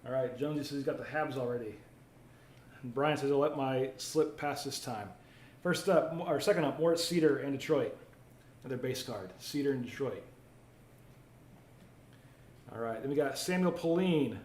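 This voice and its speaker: A man's voice: mid-range voice, a little fast, a little mellow. Chatty man hosting a card break. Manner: chatty, reads viewer comments aloud while opening packs. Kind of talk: live card break commentary. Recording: roomy echo, faint ambient noise.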